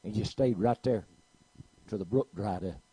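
A man preaching a sermon, telling a story and swinging from quiet to loud. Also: fairly low pitch, normal speed, slightly rough, no echo, poor audio.

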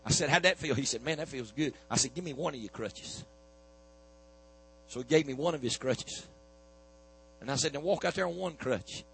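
A man's voice: medium pitch, moderate pace, creaky, long pauses, a bit bright, breathy edge, poor audio. A man preaching a sermon, telling a healing story in a folksy back-and-forth of "I said, he said". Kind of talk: sermon testimony.

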